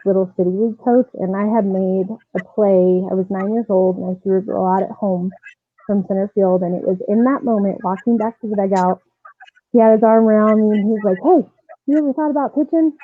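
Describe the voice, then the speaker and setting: A woman softball coach telling her personal story as a podcast guest, earnest and animated, with frequent fillers. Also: mid-range voice, brisk, no room sound. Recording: tinny phone-like dry line.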